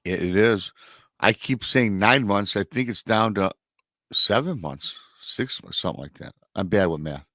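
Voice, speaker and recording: A man's voice: lowish voice, lively intonation, normal speed, pushed and bright, no room sound, clean studio sound. A man from Michigan hosting a live talk show, chatty and prone to restarts. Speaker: show host. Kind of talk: casual live-show chat.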